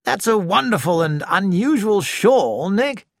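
A worldly society man speaks in a polished, languid drawl, as an audiobook reader voices him. His lines come slowly. The recording is dry and close. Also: medium pitch, very animated, no room sound, voice pushed up.

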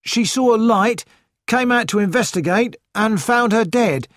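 A man's voice: high-pitched, a little slow, a bit bright, no echo, clean studio sound, pitched above the performer's own voice. A man reading aloud as a dutiful male police sergeant reporting to his inspector in a raised voice.

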